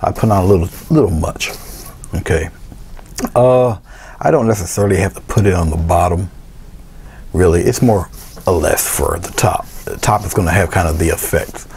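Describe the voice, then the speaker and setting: A man with a low, gravelly voice gives a casual painting tutorial. He talks through each step in a relaxed way as he works, often half to himself. A faint hiss of noise sits behind him. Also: moderate pace. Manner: relaxed, talks to himself while working, thinks aloud. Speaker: painting instructor.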